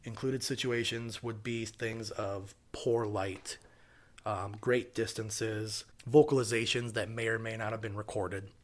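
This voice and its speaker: A man from Wisconsin co-hosting a casual podcast, his voice sitting a little low. He rambles loosely, leaning on fillers as he works through his notes. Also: unhurried. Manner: relaxed, rambling with many fillers. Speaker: podcast co-host.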